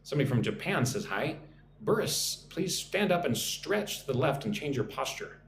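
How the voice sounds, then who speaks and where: A man's voice: mid-range voice, sing-song, normal speed, creaky, reverberant, slight background noise. A man teaching English vocabulary on a live stream, reading out viewer comments and drilling pronunciation, often tagging "right?". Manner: reads viewer comments aloud and greets them. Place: room in Vietnam.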